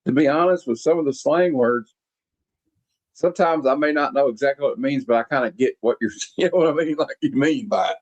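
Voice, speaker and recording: A man's voice: mid-range voice, brisk, no echo. Southern US male panelist, easygoing drawl, dull dry home mic. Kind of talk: casual chat.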